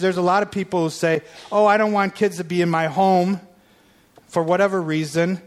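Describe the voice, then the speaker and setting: A man preaching a sermon, telling a story and acting out his prayers and phone calls with lively delivery. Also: high voice. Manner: animated storyteller, acts out quoted prayers and calls. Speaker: guest preacher.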